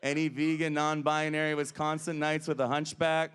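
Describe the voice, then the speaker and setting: A man's voice: fairly high pitch, little pitch movement, moderate pace, a bit bright, slight background noise. A man performing drag stand-up comedy on a club stage, crude and brash in his crowd work.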